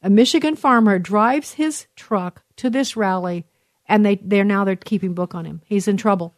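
A woman's voice: medium pitch, moderate pace, no room sound, clean studio sound. A middle-aged woman hosting a talk radio show, reading listener messages in an earnest, emotional way with many fillers and restarts.

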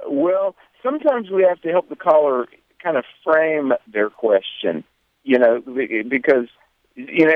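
A man's voice: mid-range voice, no room sound. A man with a Southern US accent, a pastor calling into a radio interview, talking earnestly and conversationally. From American South. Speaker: radio guest, pastor and co-host. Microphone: phone line. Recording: tinny phone line, dry.

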